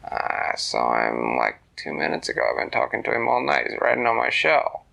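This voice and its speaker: A man voicing a big, slow, laid-back male turtle in a storybook who talks bluntly. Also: medium pitch, wildly swooping pitch, vocal fry, pushed and bright, exaggerated voice. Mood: gruff, easygoing.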